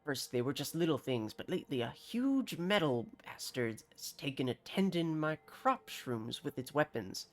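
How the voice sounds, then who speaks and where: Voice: mid-range voice, sing-song, close to an everyday voice. A streamer putting on a jumpy farmer in a bad accent. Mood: earnest. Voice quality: deliberately bad put-on accent. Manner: folksy, wary, grumbling. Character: jumpy, suspicious male farmer with a rusty sword. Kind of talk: reading game dialogue aloud on a live stream.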